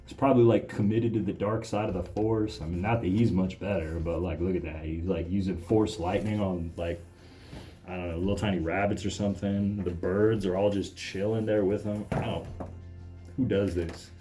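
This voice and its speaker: Deadpan sarcastic man reading aloud. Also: low-pitched, normal speed, soft background music. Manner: deadpan, mocking asides. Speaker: comedic reader. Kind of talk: sarcastic read-aloud commentary.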